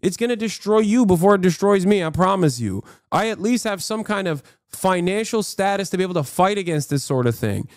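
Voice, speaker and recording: A man's voice: sits high, expressive, brisk, hardly any pauses, no echo, clean studio sound. An American man live-streaming, reacting to posts and chat in a profane, combative, mocking rant. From United States.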